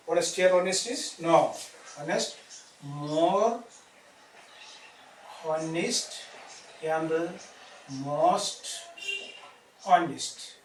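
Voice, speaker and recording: Slow, spelling-out teacher. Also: male voice, sits high. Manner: drills words slowly, spells them letter by letter, keeps asking "isn't it?". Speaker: English teacher. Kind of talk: classroom grammar lesson. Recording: echoey room, distant mic, faint hiss.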